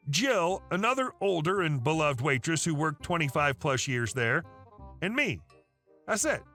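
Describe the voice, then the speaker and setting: A man's voice: sits high, sharp tone. A man narrating online stories in a casual, wry storytelling tone. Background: faint music.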